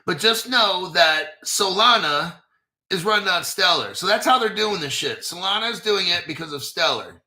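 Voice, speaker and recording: Bright-voiced profane crypto host. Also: male voice, sits high, animated, moderate pace. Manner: profane, talks back to himself. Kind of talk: casual live commentary.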